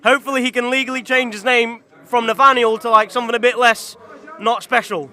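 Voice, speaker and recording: A man's voice: extremely high pitch, fairly even intonation, fairly quick, pushed and bright. A man, a boxer trash-talking his opponent in a mocking, boastful, slangy way. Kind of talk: trash talk before a fight.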